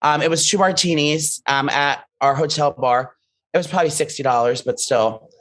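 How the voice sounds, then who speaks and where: A man's voice: a little high, moderate pace, a bit bright. A man co-hosting a podcast, telling campy, gossipy stories in a teasing, joking way. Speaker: podcast co-host. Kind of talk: casual comedic chat.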